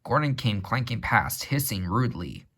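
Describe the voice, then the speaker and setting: A man reads a storybook aloud, husky and lively in pitch. His delivery is measured and expressive, carrying the listener through the tale. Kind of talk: storybook reading.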